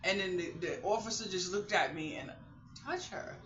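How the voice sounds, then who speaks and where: A woman's voice: on the low side, brisk, a little hiss or hum. A middle-aged woman chatting casually to her viewers, rambling through stories from her day. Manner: chatty, rambling, animated storytelling. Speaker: vlogger. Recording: roomy and slightly muffled.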